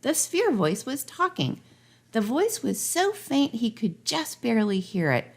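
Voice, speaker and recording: A woman's voice: fairly high pitch, big pitch swings, measured pace. A woman reading a rhyming storybook parody aloud in a sing-song way. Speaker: narrator.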